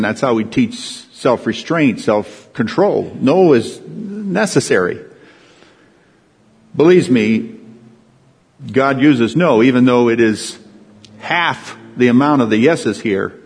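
Husky-voiced man preaching in a hall. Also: mid-range voice, darkish tone. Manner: folksy storytelling preacher, emphatic rises. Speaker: pastor. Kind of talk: sermon.

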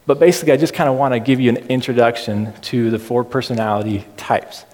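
A man giving a casual, chatty sermon in a low-key, self-deprecating way. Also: fairly even intonation, quick pace, darkish tone. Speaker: preacher. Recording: reverberant hall.

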